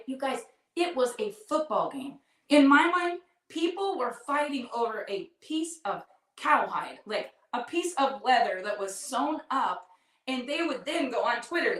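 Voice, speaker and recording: A middle-aged woman with a fairly high voice tells her own story earnestly and from the heart. She talks straight to her listeners as a podcast host. The sound is roomy and echoey, picked up from a distance. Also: fairly bright tone. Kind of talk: personal storytelling to an audience. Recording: echoey room, distant mic.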